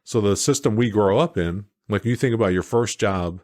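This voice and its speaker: A man hosting a casual conversation, reflecting on his experiences, asking questions and adding quick quips. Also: on the low side, darkish tone, dry recording, clean studio sound. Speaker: podcast host.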